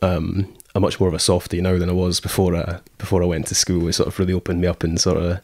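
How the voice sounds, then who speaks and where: A man's voice: low-pitched, little pitch movement, quick pace, a little mellow, no echo. A Scottish man in casual conversation, rambling with many fillers and acting out quoted thoughts as he tells stories. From Scotland. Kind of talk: casual chat.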